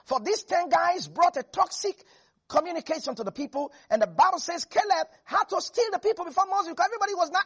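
A preacher giving a lively sermon, swinging between loud exclamations and quiet low asides, often laughing. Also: a little fast. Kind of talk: animated sermon.

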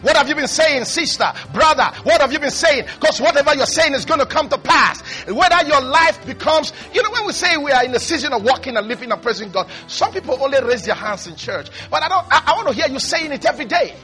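A male pastor delivering an energetic televised sermon, swinging from hushed to shouting. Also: very high voice, fast talker, hardly any pauses, soft background music.

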